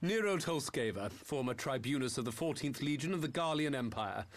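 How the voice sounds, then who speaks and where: A man's voice: mid-range voice, expressive, brisk, natural voice. An actor voicing an arrogant male former imperial officer in a video game, haughty and sardonic in formal speech. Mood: smug. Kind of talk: game cutscene voice acting.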